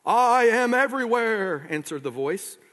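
A lofty, solemn storybook wizard who shrinks into a trembling little old man when exposed, as a man reads him aloud. The voice sits a little high. It rings out with a long hall reverb. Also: animated, a little slow, a bit bright. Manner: solemn pronouncements, then trembling pleading. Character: booming wizard turned timid old man.

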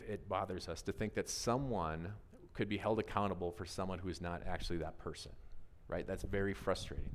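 A man preaching a conversational sermon, animated and always asking his listeners questions. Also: deep voice. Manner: animated, asks the audience questions, often adds "right?". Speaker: pastor. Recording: long reverb of a large hall.

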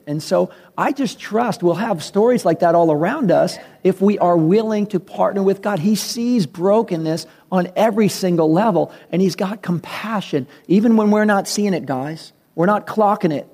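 A man's voice: high voice, normal speed, hardly any pauses, darkish tone. A male pastor giving a conversational sermon, acting out the dialogue in his stories. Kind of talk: sermon with personal story.

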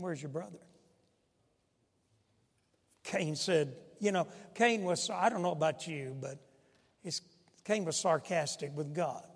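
A man preaching a sermon as pastor, impassioned, swinging from loud pleading to hushed emphasis. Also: high-pitched, in a large hall.

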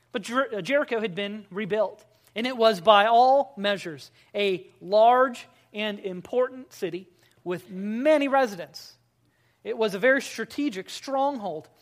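A pastor preaching a Sunday morning sermon. The pastor repeats key phrases for weight and slows down, letting phrase endings drop quiet. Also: medium pitch. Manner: emphatic, slowing and dropping quiet at phrase ends.

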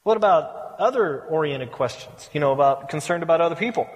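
A man's voice sits high for his sex as he preaches in a church hall, where a long echo trails behind his words. He is a middle-aged pastor who tells stories with playful humor. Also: animated, fairly quick. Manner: storytelling, acts out quotes with playful humor. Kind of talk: sermon. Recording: reverberant hall.

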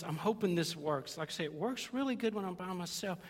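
Husky pastor preaching low and earnest, long echo of a big church hall. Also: lively intonation, brisk. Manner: earnest, repetitive, intimate preaching. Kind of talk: sermon.

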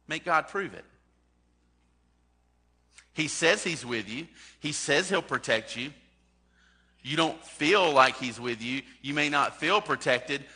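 A man's voice: fairly high pitch, bright, forceful tone, slightly rough. A man preaching a sermon as a pastor, talking in a conversational way and putting direct questions to his congregation. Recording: long hall reverb.

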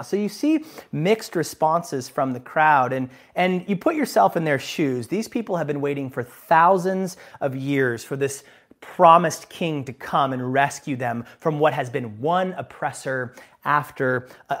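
A male pastor giving a sermon in a conversational, joking style, breaking into self-deprecating asides. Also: on the high side.

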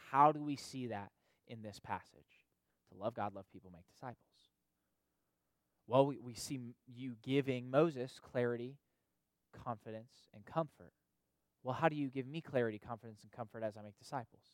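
Here a man's mid-range voice moves at a moderate pace in a dry recording. Sounding like a pastor or youth leader, he preaches conversationally with frequent "right?" questions and repetition.

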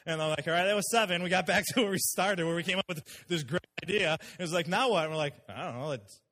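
Brief: man in middle age, pastor, lively storytelling sermon, high voice. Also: fast talker. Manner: animated, acts out quoted people.

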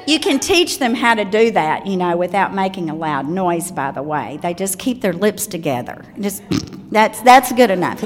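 A woman's voice: medium pitch, sing-song, moderate pace. Older southern lady chatting to moms about manners, lots of little asides, sounds like a big echoey hall. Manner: chatty, warm storytelling with asides. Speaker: speaker on children's manners. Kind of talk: talk to parents. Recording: long hall reverb.

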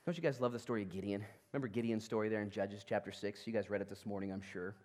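A male pastor preaching a sermon in a church, conversational and animated, swinging between loud and hushed. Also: fairly low pitch, rapid-fire. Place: church sanctuary.

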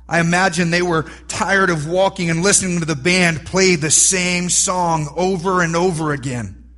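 A man preaching a sermon, animated and rising to near-shouts for emphasis. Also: on the high side. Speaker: pastor.

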